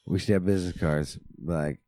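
A man's voice: low voice, steady tone, mellow, dry recording. A man co-hosting a podcast in casual chat, swearing freely, joking, agreeing often and laughing. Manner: profane, quick to agree and joke, laughs often. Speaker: podcast co-host.

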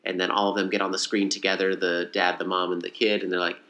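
A man casually recapping a movie in a rambling, animated way. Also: low-pitched, fast talker. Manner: rambling, animated retelling with acted quotes. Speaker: podcast co-host.

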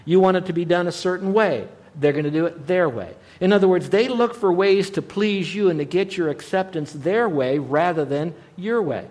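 A man giving a radio Bible teaching in an earnest, conversational way, often dropping to a softer voice. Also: high-pitched, normal speed, few pauses. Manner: earnest, conversational, with frequent soft drops in volume.

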